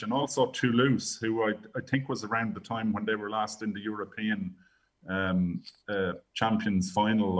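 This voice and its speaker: Male interview host, low pitch, halting questions, distant mic sound. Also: a bit bright. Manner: hesitant questioning with fillers.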